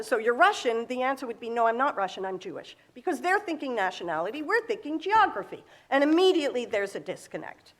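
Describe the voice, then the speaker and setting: A middle-aged woman giving a sermon in an earnest, explaining way, asking rhetorical questions. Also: sits high. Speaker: speaker at a congregation.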